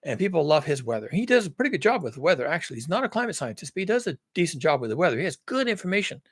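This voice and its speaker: A man's voice: a little high, very animated, racing, breathy edge, no echo, studio quality. A man in a ranting monologue, dramatically spinning grim scenarios with some swearing. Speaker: video creator.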